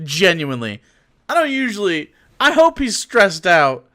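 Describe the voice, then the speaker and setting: A man's voice: a little high, pushed and bright. A male streamer giving sarcastic, profane reaction commentary on a live stream.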